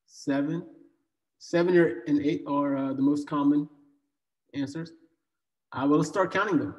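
A man's voice: a little high, a little slow. A man teaching a live online coding class in a casual, joking way, with many fillers and restarts. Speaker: coding bootcamp instructor. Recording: echoey room with long reverb.

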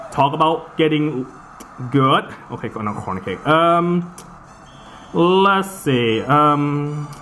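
A man giving casual let's-play commentary over a soccer video game, excitable and quick to swear and groan at the game. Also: fairly high pitch, slight background noise. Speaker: gameplay commentator.

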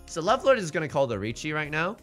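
A man's voice: fairly high pitch, very animated, quick pace, fairly bright tone, faint music behind. A male streamer giving casual, joking commentary on his game and reading chat in a playful, self-mocking way.

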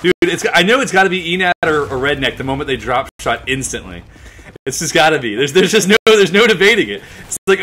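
A young man commentating a game with friends over a headset, excitable, laughing a lot and yelping when he dies. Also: fairly high pitch, fast. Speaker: gamer host.

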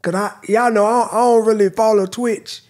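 A man's voice: sits high, steady tone, darkish tone. A young man hosting a reaction video, chatting casually in an amused, laid-back way. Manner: laid-back, amused, talks slowly with drawn-out remarks. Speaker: reaction channel host.

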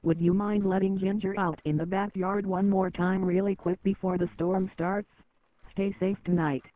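A woman's voice: mid-range voice, little pitch movement, normal speed, dark tone, dry recording, natural voice, low-quality recording. A woman voicing a friendly neighbor who leaves a polite, reassuring phone message in a game. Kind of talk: scripted game dialogue.

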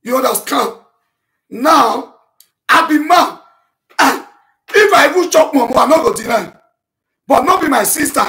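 A man speaking Nigerian Pidgin English in an impassioned, repetitive monologue to his online audience, shouting and breaking into chanted vernacular as he rebuts accusations. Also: extremely high pitch, expressive, unhurried, vocal fry, long pauses. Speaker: self-styled prophet addressing his online audience.

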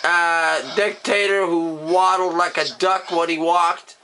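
A man from Canada doing a sarcastic comedy rant as a vlogger, fake sobbing and shouting. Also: on the high side, flat delivery, takes it slowly, very noisy. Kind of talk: mock-grieving comedy rant.

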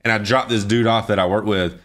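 A man's voice: lowish voice, fairly even intonation, fast talker, a bit bright. Easygoing man hosting a reaction video. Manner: easygoing, addresses viewers as guys. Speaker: reaction channel host. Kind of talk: casual reaction chat.

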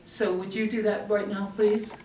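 A woman's voice: mid-range voice, moderate pace, noisy background. Woman teaching parents in an echoey room. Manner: animated, acts out scenes with a puppet. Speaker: parenting speaker. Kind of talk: workshop talk to an audience. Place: room with a live audience. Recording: echoey room from a distant mic.

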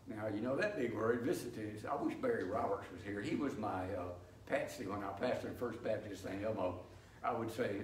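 A man's voice: medium pitch, a little hiss or hum. An older man teaching a church Bible study in a folksy, explanatory way, telling homey anecdotes, recorded in a church sanctuary. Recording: echoey, distant, faint ambience.

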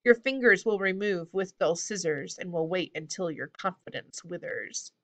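A tiny, cranky male brownie who spits out his threats in rhyming verse, lifting his voice a little and leaning in hard before it sinks low and quiet, as a woman reading a storybook puts him on. The tone is bright and crisp. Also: normal speed. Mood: menacing. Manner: speaks in rhyming couplets.

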